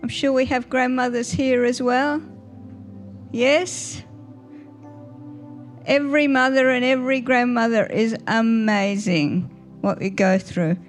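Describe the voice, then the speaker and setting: With faint music behind her, an older woman speaks at a fairly high pitch, slowly and with long pauses. She is a church guest speaker recounting family stories for Mother's Day, warm and laughing a little, questioning the audience.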